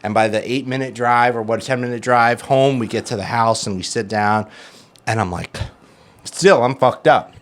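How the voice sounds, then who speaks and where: A man's voice: medium pitch, normal speed. A man co-hosting a podcast, telling a casual story, swearing and acting out quotes. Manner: animated, swearing, acts out quotes. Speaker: podcast co-host. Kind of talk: casual storytelling in recovery talk.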